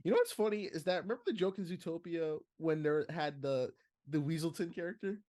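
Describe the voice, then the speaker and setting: Young man, podcast co-host, mellow tone, rambling casual chat full of fillers. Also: fairly high pitch, fairly quick. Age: young adult. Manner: rambling, heavy use of "like", theorizing. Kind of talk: casual movie watch-along chat.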